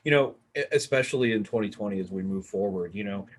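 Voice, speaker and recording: Husky-voiced man giving emphatic advice. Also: on the low side, quick pace. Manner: animated, talks with his hands, emphatic advice. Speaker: panel moderator. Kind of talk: casual panel discussion. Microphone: video call.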